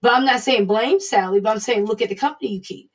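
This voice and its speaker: A woman's voice: a little high, quick pace. A woman giving an earnest, conversational devotional Bible teaching, speaking encouragingly as a Bible study teacher.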